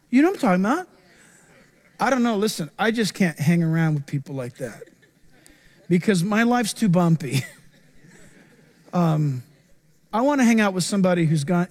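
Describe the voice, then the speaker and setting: A middle-aged male pastor preaching a sermon in an animated, joking way. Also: high voice. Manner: animated, joking, acts out quoted voices.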